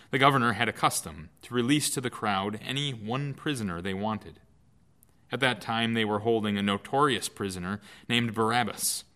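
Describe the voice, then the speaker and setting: A man reading a scripture lesson aloud in an expressive, emphatic way. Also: mid-range voice. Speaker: Bible lesson reader.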